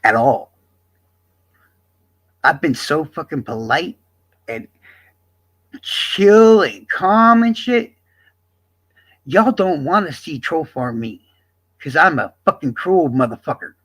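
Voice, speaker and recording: A man's voice: mid-range voice, expressive, a little slow, pauses often, fairly bright tone, breathy edge. A man streamer from the American South, delivering a profane, combative rant straight at his chat. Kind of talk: ranting livestream monologue.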